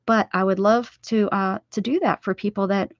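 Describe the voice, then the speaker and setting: A woman's voice: medium pitch, fairly even intonation, moderate pace, dry recording. Woman, rambling craft stream host, chatty with viewers, muffled lo-fi sound. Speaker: livestream host. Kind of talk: casual livestream chat while sewing. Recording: dull, dry lo-fi sound.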